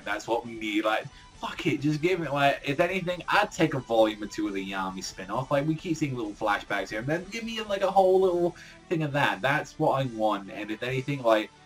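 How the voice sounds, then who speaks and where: A man's voice: medium pitch, a bit bright. Rambling man reviewing comics, faint music behind. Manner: rambling, heavy filler words, swears often. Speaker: manga reviewer. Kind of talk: casual reaction commentary.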